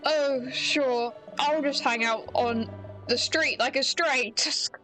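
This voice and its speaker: A woman voicing a grumpy, sarcastic male talking dog, slow and sulky. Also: high-pitched, sharp tone, soft background music, heavily acted, rough recording.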